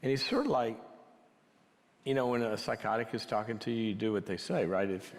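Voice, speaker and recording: A man telling a story as part of a teaching talk, conversational and dropping to a hush for quiet moments. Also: fairly low pitch, brisk, slight background noise. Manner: conversational, drops to a near whisper for quiet moments. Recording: long hall reverb.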